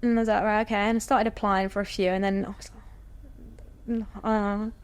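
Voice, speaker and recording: A woman, a guest athlete telling her story in a relaxed, chatty way, full of "like" and "you know". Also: medium pitch, fairly quick, smooth. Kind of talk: casual storytelling interview.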